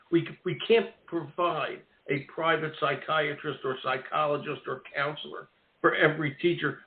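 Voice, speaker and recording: A man hosting a radio interview in a chatty, rambling way, often repeating and restarting his words. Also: fairly high pitch. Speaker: radio show host. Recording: tinny phone-like line with roomy echo.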